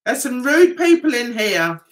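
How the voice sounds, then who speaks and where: A woman's voice: on the high side, big pitch swings, unhurried. A middle-aged woman with a Mancunian accent, chatting casually on her livestream, giggling often and reading viewer comments aloud. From Manchester, England. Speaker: livestream host.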